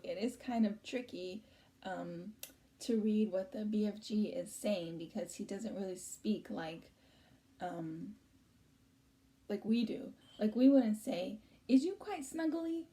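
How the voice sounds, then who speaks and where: A woman's voice: mid-range voice, expressive, measured pace, mellow. A woman teacher reading a storybook chapter aloud to her students, chatting between passages with many ums and likes.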